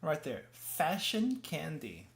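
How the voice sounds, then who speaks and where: A man's voice: fairly high pitch, wildly swooping pitch, takes it slowly, creaky, a little hiss or hum. Rambling man chewing snacks. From United States. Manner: rambling and self-correcting, often restarts phrases; talks while chewing. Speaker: VTuber streamer. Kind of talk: casual snack-tasting chat.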